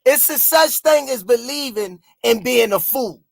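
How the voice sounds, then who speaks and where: A man with a Baltimore accent co-hosting a podcast, arguing loudly and sarcastically, often shouting and mocking. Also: extremely high pitch, expressive, measured pace, creaky. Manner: loud, sarcastic, shouts and mocks. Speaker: podcast co-host. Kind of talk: heated casual debate.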